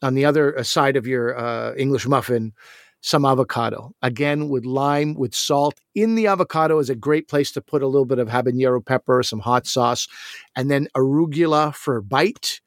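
A man from Canada co-hosting a casual food podcast, talking in rambling, animated bursts with many restarts. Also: mid-range voice, moderate pace, no echo, clean studio sound. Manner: rambling, animated, self-interrupting. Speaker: podcast co-host.

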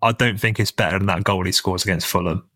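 A man's voice: sits low, fairly even intonation, quick pace, a bit bright, dry recording, studio quality. A young man, a podcast co-host chatting about football in a laid-back, blunt way. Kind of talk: casual football chat.

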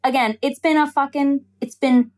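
A woman's voice: high-pitched, steady tone, normal speed. A young woman hosting a podcast, telling a personal story in casual chat, candid and profane, laughing often.

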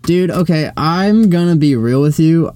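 A man's voice: on the high side, expressive, measured pace, mellow, dry recording. A young man co-hosting a podcast in casual chat, rambling, restarting sentences and swearing freely. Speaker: podcast co-host.

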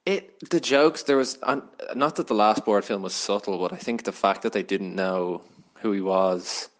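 A man's voice: on the low side, moderate pace. A man giving a casual spoken film review, hesitant and rambling, with lots of fillers and restarts.

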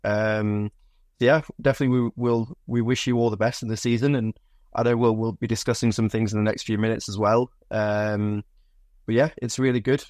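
A man's voice: on the low side, little pitch movement, normal speed, darkish tone, no room sound, clean studio sound. Friendly male podcast host. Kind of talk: casual interview chat.

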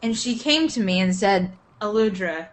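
A woman's voice: on the high side, lively intonation, moderate pace, a bit bright, rough recording. Playful woman at the gaming table. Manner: playful, laughs often. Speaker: player. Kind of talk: casual tabletop game chat, in and out of character.

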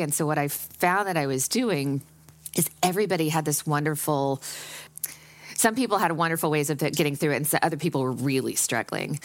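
A woman podcast host being interviewed, telling a personal story with many fillers and restarts, and growing emotional. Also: low-pitched.

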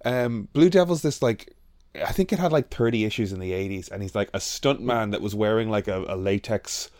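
A man's voice: fairly low pitch, brisk, a little mellow, no room sound, studio quality. A man with an Irish accent co-hosting a podcast, telling nostalgic stories and swearing casually. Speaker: podcast co-host. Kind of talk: casual chat.

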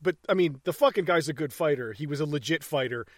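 A man's voice: fairly high pitch, fast, a crowd in the background. A man co-hosting a podcast in casual chat, blunt and profane, laughing often. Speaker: podcast co-host.

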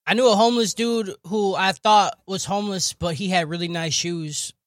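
A man chatting on a casual podcast, telling blunt, profane stories in a deadpan way. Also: sits high, normal speed, dry recording, clean studio sound. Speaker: podcast co-host.

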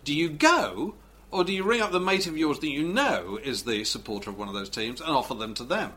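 Lively, bright man chatting. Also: fairly high pitch, brisk. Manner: chatty storyteller, lots of "you know". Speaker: presenter. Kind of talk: casual chat.

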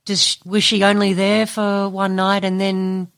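A woman's voice: mid-range voice, level tone, measured pace, gravelly, fairly bright tone. A woman hosting a podcast, asking curious questions and thinking aloud as she goes. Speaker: podcast host. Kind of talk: casual interview chat.

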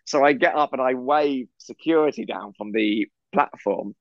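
A man co-hosting a podcast, telling a rambling, animated anecdote over a video call. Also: mid-range voice, moderate pace, no room sound. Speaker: podcast co-host. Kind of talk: casual storytelling chat. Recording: slightly muffled video call audio.

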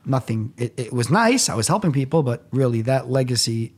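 A man who is a podcast guest, telling stories in an animated way with lively quoted dialogue. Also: medium pitch, fairly quick, slightly rough. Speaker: podcast guest, nonprofit founder. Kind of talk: animated storytelling in conversation.

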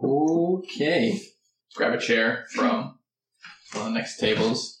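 A man plays a tabletop game in a slow, drawling way and swears offhandedly. He sits back from the mic in an echoey room with faint noise behind. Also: mid-range voice, lively intonation, recorded from a distance. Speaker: player.

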